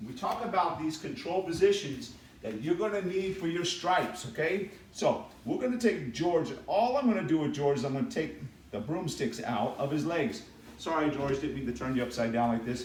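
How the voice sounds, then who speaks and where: Male kids' jiu-jitsu coach, animated step-by-step demo, recorded from far off in an echoey mat room. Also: fairly high pitch, slight background noise. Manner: explains step by step, checks in with "all right?". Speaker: jiu-jitsu instructor for kids. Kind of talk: demonstrating technique for kids. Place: martial arts academy mat room.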